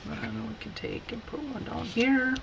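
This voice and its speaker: Slow-talking woman giving a craft tutorial. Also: a little high, steady tone, creaky, heavy background noise. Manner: chatty and unhurried, talks while working. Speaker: card-making instructor. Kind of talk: casual stamping tutorial.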